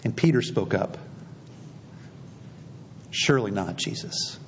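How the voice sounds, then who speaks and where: Man, preacher, storytelling sermon, acts out quotes, dull recording, faint rumble. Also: measured pace. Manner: storytelling, acting out quoted dialogue.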